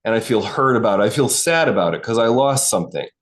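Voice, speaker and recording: A man's voice: fairly low pitch, expressive, quick pace. A man coaching on a live stream, talking loosely and conversationally, breaking off into asides and restarting his sentences. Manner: loose, conversational, self-interrupting, chatty asides. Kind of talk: casual live-streamed talk.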